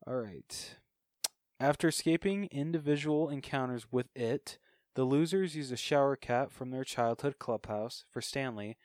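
A man's voice: medium pitch, no room sound, studio quality. A man co-hosting a podcast, chatting casually about a film and eagerly retelling its scenes. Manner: excited retelling of scenes, laughs often. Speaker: podcast co-host.

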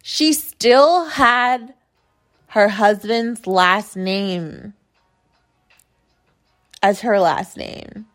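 A podcast host tells a story as a casual, profane, indignant rant, leaning heavily on filler words, especially "like." Her mid-range voice is fairly bright and extremely slow, with long pauses and faint music behind.

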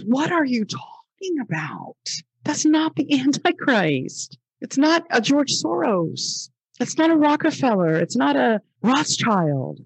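A woman's voice: high-pitched, gravelly, a little mellow, slightly rough, no room sound. A woman hosting a religious commentary podcast, reading passages aloud and rebutting them in an emphatic, exasperated way, repeating phrases for stress. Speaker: podcast host.

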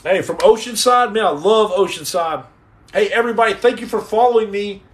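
Middle-aged male streamer, fairly high voice, energetic and joking, answers chat directly. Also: a little fast. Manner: lively, jumps between jokes and chat shout-outs. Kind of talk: casual live-stream chat.

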